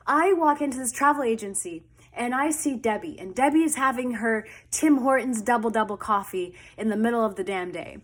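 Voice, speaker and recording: A woman vlogger telling a story in a casual, animated, dramatic way. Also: on the high side.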